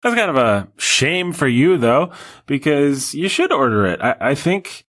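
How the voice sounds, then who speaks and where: A man's voice: fairly high pitch, very animated, measured pace, fairly bright tone. A man hosting a podcast alone, talking casually in a wry, digressive way with sarcastic asides. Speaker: podcast host. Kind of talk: casual solo podcast monologue.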